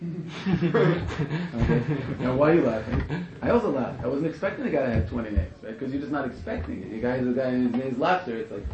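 Lively man lecturing a class. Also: medium pitch, a little fast. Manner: animated, repeats phrases, chuckles at own jokes. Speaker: teacher. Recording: echoey room, muffled, faint hiss.

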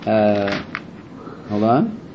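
Animated, excitable male Torah teacher. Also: on the low side, very slow, dull audio, noisy background. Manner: excitable, rhetorical questions, frequent self-corrections. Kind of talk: animated classroom Torah lesson.

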